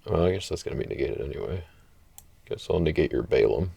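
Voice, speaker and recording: Deep gravelly man talking through a card game. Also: animated, warm tone, a little hiss or hum. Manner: halting, thinks aloud with many fillers. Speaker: card game player and channel host. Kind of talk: casual gameplay chat. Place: playing an online card match.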